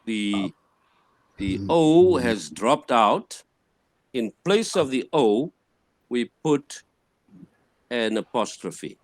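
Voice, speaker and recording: Slow, patient male language teacher. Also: mid-range voice, big pitch swings, dry recording. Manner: patient, repeats words slowly to model pronunciation. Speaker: Greek teacher. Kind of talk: classroom lecture.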